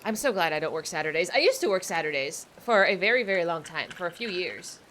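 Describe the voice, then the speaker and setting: Chatty young woman streamer, lively voice. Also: fairly low pitch, quick pace, a little hiss or hum. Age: young adult. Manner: chatty, rambling, self-deprecating. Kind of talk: casual livestream chat while playing.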